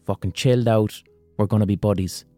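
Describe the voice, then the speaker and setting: A man's voice: on the low side, fairly even intonation, a little fast, warm tone, no echo, soft background music, close to an everyday voice. A man voicing a wounded lion in a cave, stubborn and volatile, who hurls defensive, swearing outbursts. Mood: resolved.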